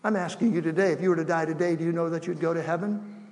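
Middle-aged guy preaching, soft then loud, acts out little asides, echoey hall. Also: fairly high pitch, quick pace, slight background noise. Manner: animated preaching with acted asides, shifting between soft and loud. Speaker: pastor. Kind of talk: sermon. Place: church sanctuary.

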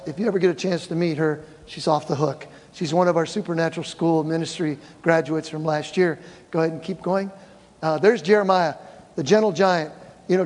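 An older male pastor telling mission stories to his church and acting out the quoted voices in an animated way. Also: high-pitched. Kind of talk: church mission report with slides. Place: church hall. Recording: reverberant church hall.

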